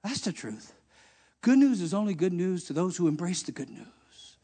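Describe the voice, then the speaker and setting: A man pastor preaching a fiery sermon to a congregation in church. He shouts at the peaks and answers objections that he imagines from the crowd. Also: high-pitched, expressive, fairly quick. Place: church service.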